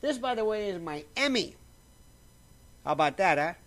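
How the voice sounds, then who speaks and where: Here a vlogger delivers a rambling, lively monologue to camera from a basic home setup, often restarting his thoughts and slurping coffee between lines. He talks at a normal speed, and his bright, forceful voice, slightly higher than typical for a man, bounces up and down.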